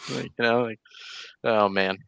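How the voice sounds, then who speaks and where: A young man, a podcast guest, chatting casually in a halting way that repeats words. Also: lowish voice, steady tone, vocal fry, fairly bright tone, clean tone, no room sound. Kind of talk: casual chat.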